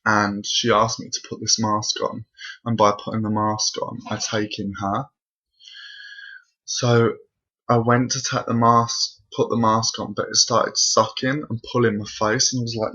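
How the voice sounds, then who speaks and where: Young guy with a gravelly husky voice telling a creepy story, flat low tone, dull lo-fi sound. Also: unhurried. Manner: breathless, rambling, full of fillers. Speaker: vlogger. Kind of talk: casual storytelling to camera. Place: bedroom at home. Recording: dull lo-fi home recording.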